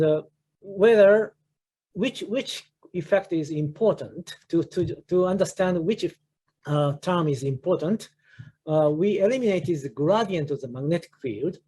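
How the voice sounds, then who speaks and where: A man's voice: on the high side, mellow, husky. A man in his sixties with a Japanese accent, a professor giving a research lecture with many fillers and restarts. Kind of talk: academic lecture.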